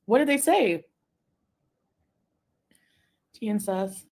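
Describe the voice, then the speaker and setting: A woman from Quebec chatting casually on a live stream, reading viewer comments, rambling and giggling, sometimes trailing off into a soft mumble. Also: mid-range voice, expressive, takes it slowly, gravelly. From Quebec, Canada. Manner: rambling, easily distracted, giggly asides. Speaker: livestreamer.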